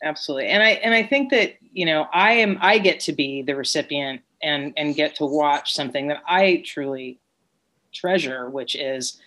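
Earnest lower-voiced woman guest. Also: moderate pace, a bit bright. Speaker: guest, business partner. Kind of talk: casual interview chat.

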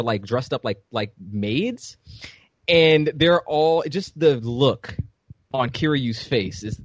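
A man's voice: mid-range voice, dry recording. A man on a podcast in casual chat, animatedly retelling a game scene and acting out the characters' lines. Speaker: podcast co-host.

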